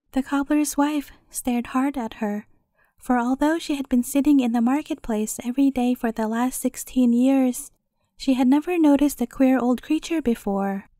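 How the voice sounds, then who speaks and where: A woman narrating a fairy tale as a bedtime story, reading in a calm, measured way. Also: sits high, no echo, studio quality.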